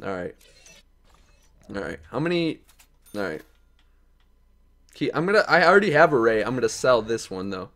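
A young man doing live-stream commentary while opening game card packs, hyped and talking to the player cards, dropping to mutters and then jumping to yells. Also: medium pitch, big pitch swings, normal speed, long pauses.

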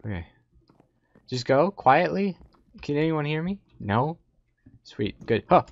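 Excitable young man narrating gameplay. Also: on the high side, slow, creaky, dry recording. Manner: excitable, jumpy, talks to himself. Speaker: gaming YouTuber. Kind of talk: Minecraft gameplay commentary. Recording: slightly dull lo-fi audio.

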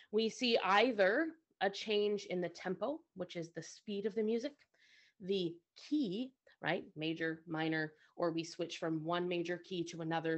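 A woman co-host teaching music at the piano, talking conversationally and often checking in with her listeners. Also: mid-range voice.

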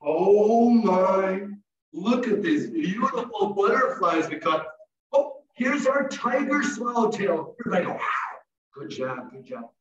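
A man's voice: high-pitched, lively intonation, measured pace, a little hiss or hum. A man leading young children through a story activity in an online class, playful and singsong, coaxing them into call-and-response. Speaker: early childhood educator presenting an online class. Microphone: video call. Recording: echoey, distant, dull video-call audio.

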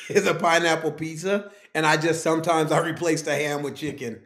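A man's voice: a little high, fairly even intonation, normal speed, a bit bright. A man, a guest on a podcast, talking easygoing and laughing often as he tells stories. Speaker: guest, technology executive. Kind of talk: conversational podcast interview. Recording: roomy echo.

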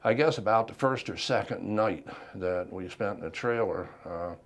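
An older man, a veteran, recounting his life in an oral history interview, unhurried and reflective with frequent pauses. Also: lowish voice.

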